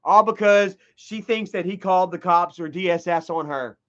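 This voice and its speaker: High-voiced man ranting on a stream. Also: normal speed, fairly bright tone, lo-fi sound. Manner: heated, swears a lot, repeats himself. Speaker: livestreamer. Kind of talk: rambling profane storytelling commentary.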